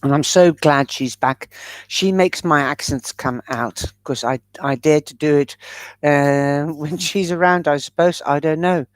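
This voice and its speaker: A woman reads tarot cards for her live viewers, chatty and generous with endearments. She talks at an unhurried, slow pace. Her voice sounds dry and close, with no room around it. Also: sits low, dry recording. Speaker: tarot reader. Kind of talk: live-stream tarot reading.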